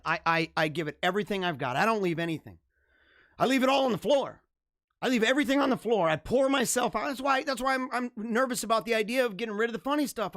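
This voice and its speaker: A man talks straight to his livestream viewers with the fervor of a motivational preacher, hammering phrases again and again. His voice sits high and leaps all over. The sound is dry and close, with faint music playing underneath. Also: fairly bright tone, no echo. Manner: fervent, emphatic, repetitive. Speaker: livestream host. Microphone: camera mic.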